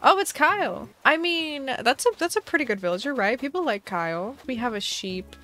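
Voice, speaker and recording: Excitable young woman streamer. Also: sits high, normal speed, faint music behind. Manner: excitable, chatty, dramatic sighs. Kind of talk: casual game commentary.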